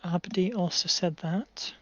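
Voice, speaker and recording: A calm woman adventurer, as a player puts her on, explaining things patiently in a tabletop game. Her voice sits in a middle pitch and sounds dry, with slightly dull call audio. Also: a little slow, no room sound, natural voice.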